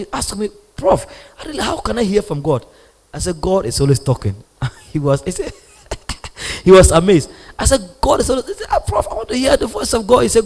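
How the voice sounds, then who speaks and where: A man preaching a sermon, animated, swinging from loud bursts to near whispers. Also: fairly high pitch. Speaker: prophet preaching. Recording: long hall reverb.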